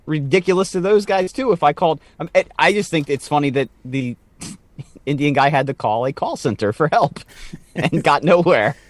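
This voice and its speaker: A man's voice: fairly high pitch, moderate pace, dry recording. A man co-hosting a podcast, rambling in a crude, joking way in casual chat. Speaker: podcast co-host.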